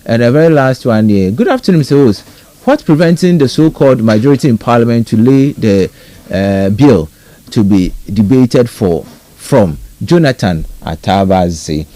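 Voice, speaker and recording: A man with a Ghanaian accent hosting a live radio talk show and briskly reading out listener messages. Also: medium pitch. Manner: brisk, lively read-out with a rising greeting tone. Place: radio studio.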